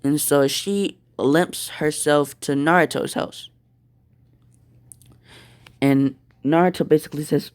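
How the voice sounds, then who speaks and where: Slow, halting fan-story narrator man. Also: fairly high pitch, fairly even intonation. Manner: slow, halting, with fillers and restarts.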